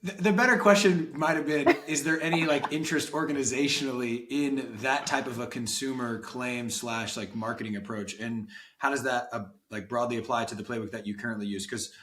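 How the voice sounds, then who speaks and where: A man's voice: medium pitch, fairly even intonation, brisk, hardly any pauses, fairly bright tone, reverberant. A man co-hosting a podcast, asking long rambling questions in a casual way with many fillers. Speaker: podcast co-host. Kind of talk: casual interview chat.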